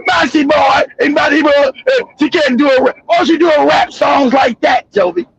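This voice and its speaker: Stream host, male, very high and gravelly, brash, profane, loud reactions. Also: steady tone, moderate pace, highs cut off. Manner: boisterous, profane, shouts and laughs often. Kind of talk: loud crude reaction commentary.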